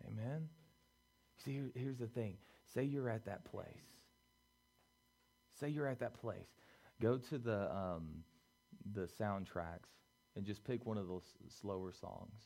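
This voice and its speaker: A young man preaching a youth sermon, swinging between loud pleading and quiet, low talk. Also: slow, creaky, long pauses. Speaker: youth pastor.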